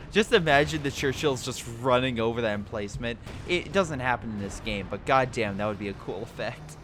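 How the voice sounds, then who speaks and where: A man commentating a strategy game replay, excitable, laughing and giving units joking voices. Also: mid-range voice, fairly quick. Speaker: game caster. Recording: game noise behind the voice. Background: artillery and gunfire game sounds.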